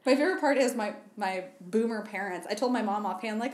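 A woman's voice: medium pitch, reverberant. A woman guest on a podcast in casual chat, rambling and self-mocking, with lots of "like". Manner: rapid, rambling, heavy use of "like", self-mocking.

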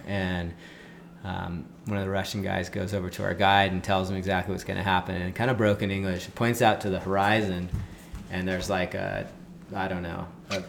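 A man telling a story in casual conversation, full of fillers like "like" and "um," and getting animated when he quotes other people. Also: deep voice, gravelly, slight background noise. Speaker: guest.

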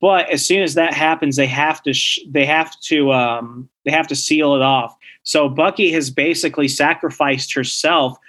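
A man co-hosting a relaxed podcast, walking through a comic plot with animated energy. His voice sits a touch higher than most men's, and he slips into the characters' lines as he goes. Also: normal speed, few pauses. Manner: animated storyteller, acts out character quotes. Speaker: podcast co-host recapping comics. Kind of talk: casual chat.

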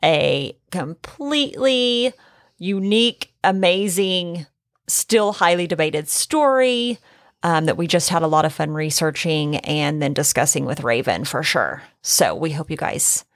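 A woman from Oklahoma co-hosting a podcast in casual chat, talkative and quick to laugh. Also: low-pitched, lively intonation, no echo, clean studio sound. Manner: chatty, restless, quick to laugh. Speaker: podcast co-host.

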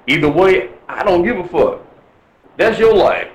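A man's voice: high voice, expressive, measured pace, echoey room, poor audio. A man from Milwaukee talking bluntly and profanely in a casual chat, ranting with lots of swearing. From Milwaukee, USA.

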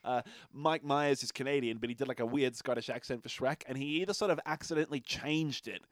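A man's voice: medium pitch, fairly quick, no echo, studio quality. A man co-hosting a casual podcast, rambling through stories with frequent laughs and casual swearing. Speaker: podcast co-host. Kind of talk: casual chat.

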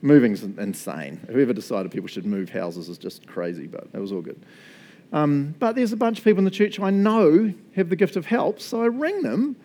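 A man's voice: fairly high pitch, sing-song, normal speed, dark tone. A male pastor preaching a sermon in a casual, chatty way, often laughing as he talks.

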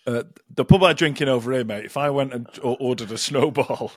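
A man's voice: medium pitch, fairly quick, no room sound. Blunt, sweary British man, dry recording. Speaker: podcast co-host. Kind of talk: casual chat.

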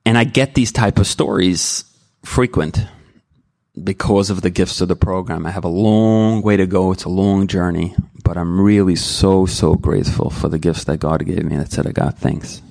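A man's voice: low voice, moderate pace, creaky, darkish tone, no room sound, clean studio sound. A middle-aged man giving an earnest, rambling personal testimony at a recovery meeting, full of restarts and candid emotion. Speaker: member sharing at a recovery meeting.

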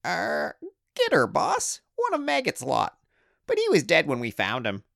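A man voicing a cowardly, scrawny male goblin who whimpers and squeaks as he talks, in a storybook reading. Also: wildly swooping pitch, measured pace, vocal fry, fairly bright tone, no room sound, clean studio sound, full character voice. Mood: wheedling.

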